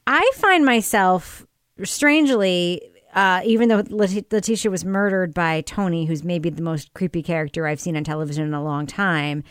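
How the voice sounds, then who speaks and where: A woman hosting a casual discussion, animated, her pitch leaping up on her questions. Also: normal speed, clear, resonant tone, no echo, clean studio sound. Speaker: podcast host.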